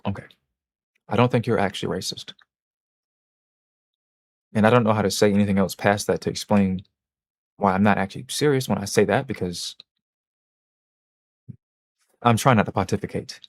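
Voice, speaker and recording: A man's voice: on the low side, normal speed, long pauses, dry recording. Rambling, joking male livestreamer. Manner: rambling, joking and self-mocking, many restarts. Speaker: livestream host. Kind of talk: casual livestream chat, reading and answering chat.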